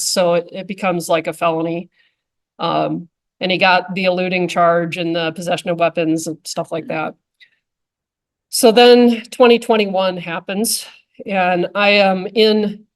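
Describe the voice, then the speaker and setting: Chatty woman officer telling a story. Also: fairly low pitch. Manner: chatty, with frequent fillers like "um" and "like". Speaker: conservation officer giving a talk. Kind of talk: casual anecdotal storytelling to a club audience.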